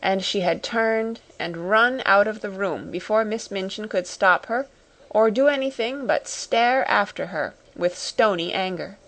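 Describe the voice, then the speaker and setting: A woman narrating a classic storybook audiobook in a measured, even manner. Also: mid-range voice.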